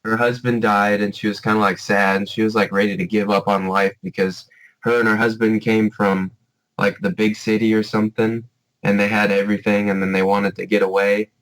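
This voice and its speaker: A man with a somewhat low voice, chatting loosely as a podcast co-host. He strings thoughts together with plenty of fillers and restarts. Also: little pitch movement, fairly quick, fairly bright tone, low-quality recording. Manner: rambling, many fillers like "like" and "you know". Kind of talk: casual chat.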